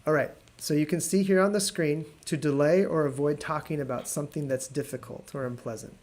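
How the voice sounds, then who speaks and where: A man teaching an English lesson on a live video stream, explaining patiently and repeating words slowly. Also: on the high side, fairly even intonation, a little mellow, a little hiss or hum. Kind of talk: live online language lesson.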